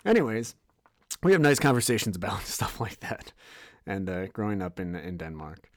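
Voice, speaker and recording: Rambling low-voiced male podcast host. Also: very animated, normal speed, dry recording, studio quality. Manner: rambling, many fillers and restarts. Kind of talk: casual solo podcast intro.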